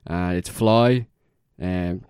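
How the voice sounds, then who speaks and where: A man's voice: low voice, extremely slow, darkish tone, clean tone, no echo, clean studio sound. A young man chatting casually as a podcast co-host, rambling through a story with lots of fillers and laughter. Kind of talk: casual chat.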